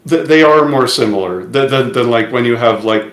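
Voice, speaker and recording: A man's voice: mid-range voice, fairly quick, fairly bright tone. Man on an echoey call, stammering. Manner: stammering restarts, laughs easily. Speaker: demoparty organizer, interview guest. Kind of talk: casual interview over a call. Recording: echoey room.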